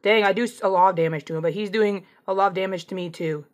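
Gameplay streamer, woman, chatty and excitable, taunts enemies while she plays. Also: mid-range voice, quick pace. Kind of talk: casual gameplay commentary.

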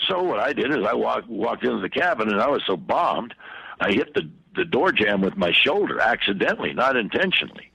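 An older man, a podcast guest, telling long rambling anecdotes full of fillers and restarts in a husky voice. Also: fairly low pitch, very animated, fairly quick, sharp tone, dry recording, poor audio. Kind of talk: anecdotal storytelling in a podcast interview.

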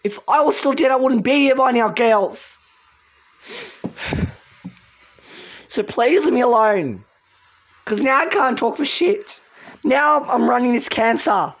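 A woman's voice: fairly high pitch, animated, normal speed, voice pushed up. A woman doing a bitter, cursing Willow. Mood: gloomy. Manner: curt and swearing. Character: sullen, bitter, foul-mouthed young woman. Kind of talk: amateur voice drama. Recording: dull lo-fi recording.

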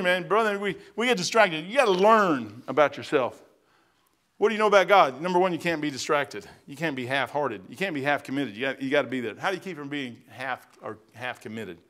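Preaching to his congregation in the sanctuary, the pastor speaks in a voice on the high side and a touch bright. His storytelling is homey and plain, with occasional surges of emphasis.

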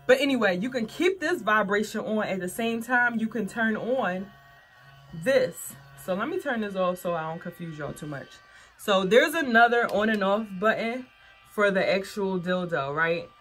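A woman's voice: medium pitch, expressive, normal speed, fairly bright tone, soft background music. A young woman, chatting frankly to camera as a vlogger and calling her viewers y'all. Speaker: vlogger reviewing adult toys. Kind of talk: casual chat to camera.

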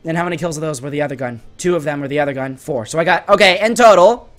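A man with a hoarse voice giving exasperated, sarcastic, excitable commentary over his own gameplay. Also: on the high side, racing. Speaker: gaming channel host.

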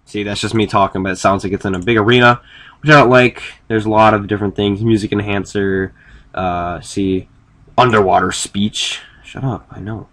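A man talking through a casual screen-recorded software tutorial, rambling and correcting himself as he goes. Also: on the low side, steady tone, normal speed. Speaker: video tutorial maker.

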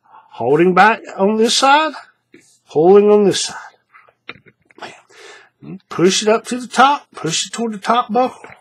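A bit bright yet husky, a high-sitting male voice guides a hands-on paracord bracelet tutorial at a measured pace with long pauses. His intonation is lively; he chats, repeats steps, and keeps asking the viewer "right?"

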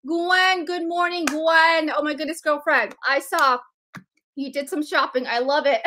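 A woman's voice: sits high, steady tone, measured pace, sharp tone. A woman hosting a live sales stream, greeting viewers by name in a bubbly, chatty way.

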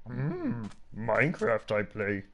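Guy doing a slow gravelly wise old alien, words all backwards, voice swoops up and down. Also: medium pitch, huge pitch swings, dull audio. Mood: sage. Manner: slow, croaky, inverted word order.

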